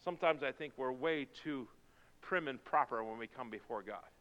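A man preaching a sermon, moving from quiet, intense passages to loud, fervent pleading. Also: medium pitch, moderate pace. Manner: swings from quiet intensity to shouted fervor. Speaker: pastor. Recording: dull sound with long reverb in a hall.

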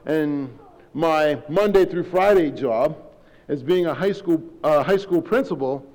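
A middle-aged man, a high school principal, giving an informal, rambling, self-deprecating sermon from a church stage. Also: a little slow, a little mellow. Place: church sanctuary. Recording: long hall reverb.

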